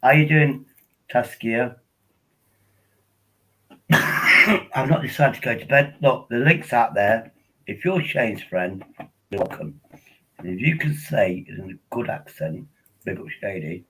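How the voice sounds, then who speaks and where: A man's voice: medium pitch, a little slow, pauses often, fairly bright tone, breathy edge, rough recording. An older man, chatting casually and rambling on a live stream from home at his laptop.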